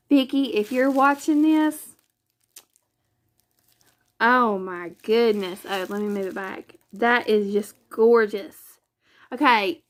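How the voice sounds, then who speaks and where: A woman, chatting casually in a craft vlog, gushing and exclaiming often. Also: on the high side. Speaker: craft vlogger. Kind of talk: casual chat.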